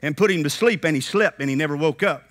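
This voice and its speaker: A man preaching with a bright, forceful voice that sits a touch high. He moves from quiet, low-spoken asides to shouted peaks and keeps asking the crowd if they are with him. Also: quick pace. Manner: dramatic, swings between soft asides and shouting; checks in with the crowd. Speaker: conference speaker. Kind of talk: sermon.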